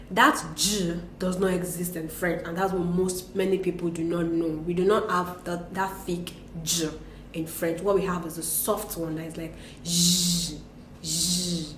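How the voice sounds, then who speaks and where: A woman's voice: on the low side, steady tone, measured pace, a little hiss or hum. Woman teaching French in an echoey room. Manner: explains patiently, mixing French and English, laughs often. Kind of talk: casual bilingual lesson chat.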